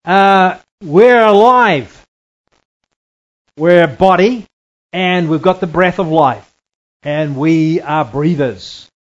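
A man teaching a Bible lesson from slides, deliberate and repetitive, often checking in with "right?". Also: fairly high pitch, muffled recording. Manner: deliberate, repeats key phrases, checks in with "right?".

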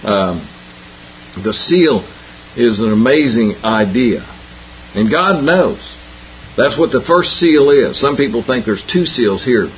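A man's voice: mid-range voice, lively intonation, slow, long pauses, a little hiss or hum. A man preaching a folksy Bible lesson, repeating and restarting phrases and telling homespun jokes, on a dull lo-fi recording. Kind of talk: folksy sermon.

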